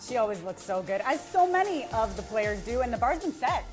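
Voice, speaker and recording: A woman's voice: fairly high pitch, big pitch swings, brisk, faint music behind, poor audio. A woman hosting a sports studio show, upbeat and friendly as she leads the panel with questions.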